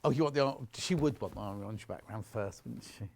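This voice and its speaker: A man's voice: fairly low pitch, a little fast, gravelly, a little mellow. A man presenting fabrics on a live shopping channel, chatty and jokey as he teases the crew.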